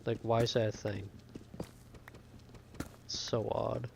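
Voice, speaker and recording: A man's voice: lowish voice, flat delivery, slow pace, vocal fry, noisy background. A young man streaming a game, chatting casually and rambling to his viewers in a self-deprecating way. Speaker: gaming streamer. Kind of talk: casual gameplay chat with chat. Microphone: desk microphone.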